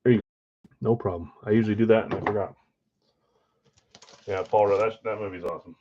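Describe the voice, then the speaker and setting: A man hosts a live card break, talking casually and poking fun at his own slip-ups as he chats with viewers. His voice sits at an ordinary middle pitch. The stream audio is a bit dull and lo-fi. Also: animated, a little fast, long pauses, a little mellow, slight background noise. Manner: self-deprecating, chatty, talks to chat viewers.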